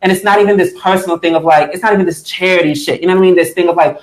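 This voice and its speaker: A man's voice: high-pitched, rapid-fire, hardly any pauses, reverberant, rough recording. A man speaking as a guest on a webinar, giving an impassioned personal testimony in an emphatic, conversational way full of "you know" fillers. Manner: animated storyteller, voices his own past thoughts. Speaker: guest speaker for a political party. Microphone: computer mic on a video call.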